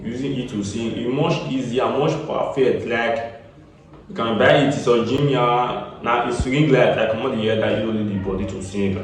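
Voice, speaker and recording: A man's voice: mid-range voice, fairly even intonation, normal speed, a little hiss or hum. Nigerian man in a very echoey room. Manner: chatty, repeats himself, mixes in Pidgin phrases like "get me?". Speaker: music production tutor. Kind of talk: casual tutorial talk. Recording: echoey room, voice far from the mic.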